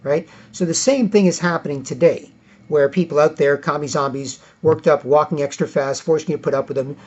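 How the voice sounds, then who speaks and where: Man, political rant monologue, emphatic and repetitive, somewhat high voice, dull lo-fi recording. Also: fairly quick. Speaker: political vlogger.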